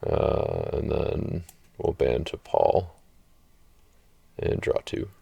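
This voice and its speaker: A man's voice: very deep voice, very animated, extremely slow, gravelly, warm tone, slightly rough, dry recording. A man hosting a channel, chatting casually and thinking aloud through a card game with many fillers. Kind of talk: casual gameplay chat. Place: playing an online card match.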